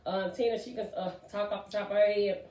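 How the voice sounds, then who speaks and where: A woman's voice: mid-range voice, quick pace, recorded from a distance. Chatty woman host in an echoey room. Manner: chatty, excitable, many fillers. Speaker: podcast host. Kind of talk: casual live-stream talk show.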